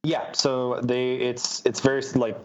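A man's voice: mid-range voice, flat delivery, a little slow, highs cut off, background noise. A man answering interview questions as a startup founder, talking with many fillers and restarts.

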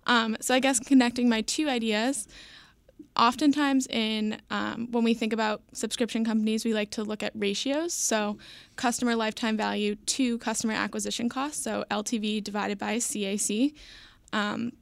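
Gravelly woman thinking aloud. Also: on the high side, steady tone, normal speed, no echo. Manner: hesitant, filler-heavy, thinking aloud. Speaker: podcast guest analyst. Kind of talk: casual podcast chat.

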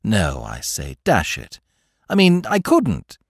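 A man's voice: lowish voice, wildly swooping pitch, slow pace, gravelly, slightly rough, no room sound, studio quality, full character voice. A man voicing a blunt, earnest nineteen-year-old who speaks plainly and gets flustered.

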